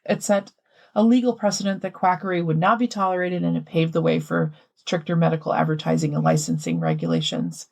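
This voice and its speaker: A woman with a low-pitched, gravelly voice tells a prepared history story on a podcast. She breaks from the script with casual asides, then slips into easy chat with her co-host. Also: lively intonation, fairly quick, a little mellow.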